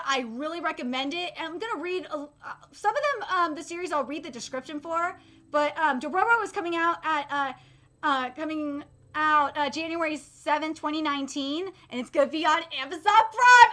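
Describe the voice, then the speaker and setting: A young woman hosting a casual vlog about upcoming anime and manga. She talks in a high voice, gushing and excitable, swearing freely and tripping over fillers and restarts. Her tone is bright and sharp. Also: moderate pace. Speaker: channel host.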